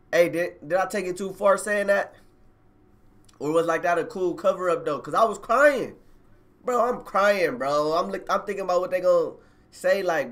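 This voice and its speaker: Casual male streamer, a touch high-pitched, loose slangy storytelling to his audience over a phone mic. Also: moderate pace, a bit bright. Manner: slangy, rambling, addresses viewers directly. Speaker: live streamer telling a personal story.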